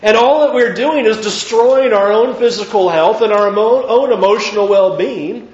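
A man with a high voice preaches a sermon, talking in a conversational, emphatic way and often restarting his sentences. The recording is dull and lo-fi. It rings with the echo of a church hall. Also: normal speed. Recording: echoey room, dull lo-fi sound.

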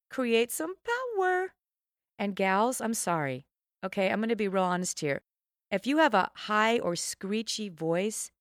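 A middle-aged woman hosting a self-help podcast, talking in an emphatic, animated coaching tone with sudden high swoops for emphasis. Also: dry recording, clean studio sound. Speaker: podcast host and trainer.

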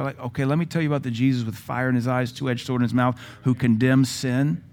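A man's voice: mid-range voice, steady tone, quick pace, hardly any pauses, a little mellow. Blunt sarcastic Southern preacher man. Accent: Southern American. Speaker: pastor. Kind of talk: sermon.

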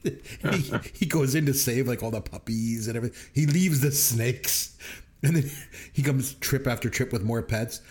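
A man co-hosting a podcast, recounting movie scenes with enthusiasm and quick quoted voices. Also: medium pitch, darkish tone. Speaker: podcast co-host. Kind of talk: casual movie review chat.

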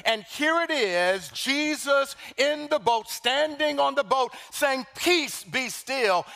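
A man preaching a sermon as pastor, animated, swinging from hushed scripture quotes to loud emphasis. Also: extremely high pitch, slow pace, creaky. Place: church sanctuary.

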